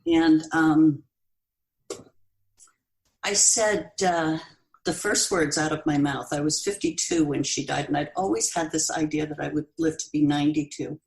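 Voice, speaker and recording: A woman in her sixties, a podcast guest telling a personal story in an earnest, halting way with pauses and restarts. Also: low-pitched, fairly even intonation, creaky, a little mellow, poor audio. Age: 60s. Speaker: podcast guest, bereaved mother.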